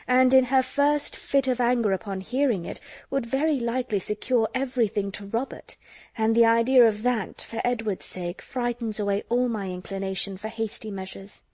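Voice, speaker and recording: A woman's voice: on the high side, normal speed, dark tone, dry recording, voice pushed up, natural voice. A woman voicing a jealous, scheming young woman in an audiobook, confiding and earnest.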